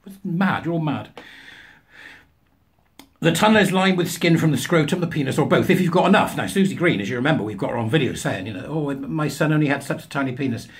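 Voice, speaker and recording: A man's voice: on the high side, lively intonation, fast. A man reading news articles aloud and mocking them with sarcastic, scornful asides, often laughing at his own jokes. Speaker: commentator.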